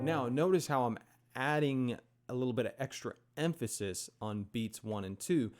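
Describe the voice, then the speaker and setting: A man's voice: mid-range voice, moderate pace. A man giving a piano lesson, counting beats and singing rhythms in an easy, chatty way. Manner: relaxed, with many fillers and check-ins. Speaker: piano teacher. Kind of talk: casual instruction. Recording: loud piano alongside the voice. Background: piano playing.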